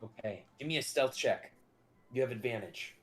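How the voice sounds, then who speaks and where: A man's voice: medium pitch, normal speed. A man running a tabletop game as game master, narrating in an easygoing, amused way.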